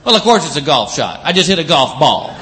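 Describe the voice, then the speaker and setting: A man's voice: a little high, fairly quick. A man doing a stand-up comedy set, telling stories and acting out the other people's voices. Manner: animated storytelling with acted-out voices.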